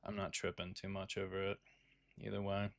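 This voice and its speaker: Brief: low, gravelly man, laid-back day trader talking through his trades, swears freely. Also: completely flat delivery, fairly quick, dry recording. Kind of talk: casual live trading commentary.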